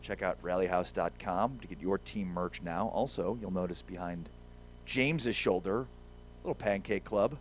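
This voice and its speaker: A man's voice: deep voice, moderate pace, a little hiss or hum. A man hosting a sports radio show in a studio, bantering playfully and reading sponsor messages. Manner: playful, jokey banter with reads of sponsor spots. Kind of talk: casual sports radio chat.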